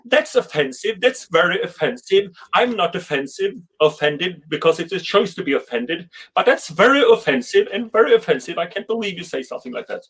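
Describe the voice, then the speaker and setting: An easily offended American, put on by a man, protests in a raised, shrill voice. He sounds huffy and keeps repeating himself. The pitch jumps well above a normal speaking voice. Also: big pitch swings, brisk, hardly any pauses, a bit bright, breathy edge, full character voice. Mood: indignant.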